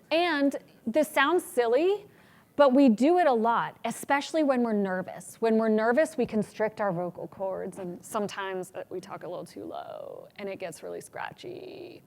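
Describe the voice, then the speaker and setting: A woman presenting a workshop on public speaking, energetic and acting out examples of good and bad delivery. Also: fairly high pitch, normal speed. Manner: energetic, demonstrates examples in changed voices. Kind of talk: teaching a conference workshop.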